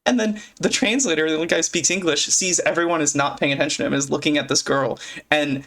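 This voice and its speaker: A man's voice: a little high, fast talker, fairly bright tone. Giggly, rambling man on a podcast. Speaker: podcast co-host. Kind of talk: casual podcast chat. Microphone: own mic, muting at times.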